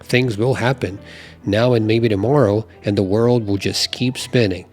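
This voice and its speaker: A man hosting his own music channel, talking in a relaxed, chatty way full of filler phrases as he walks through song lyrics. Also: lowish voice, normal speed. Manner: relaxed, chatty, many you-knows. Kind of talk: casual talk on song lyrics.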